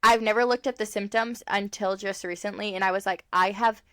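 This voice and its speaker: A young woman talks through her week as a podcast co-host, her voice sitting at an everyday middle pitch. She rambles, piles on fillers, and laughs often as she goes. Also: steady tone, brisk, pushed and bright. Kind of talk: casual chat.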